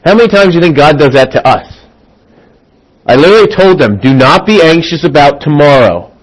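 A middle-aged man preaching a sermon as a pastor, acting out quoted voices and swinging from loud emphasis to hushed asides. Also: on the high side, lively intonation, fairly quick, rough recording.

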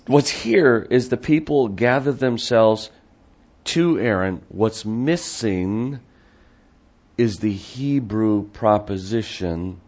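Slow, low-voiced man teaching a sermon. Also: darkish tone. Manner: conversational, with frequent restarts and asides; reads scripture quotes in a raised, emphatic voice. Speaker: pastor or Bible teacher.

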